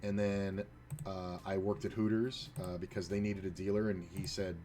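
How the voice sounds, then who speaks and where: A man's voice: low voice, level tone, moderate pace, warm tone, soft background music. A man, a poker player and former dealer, telling rambling, profane stories full of fillers while he plays online poker. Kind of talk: casual storytelling while playing online poker.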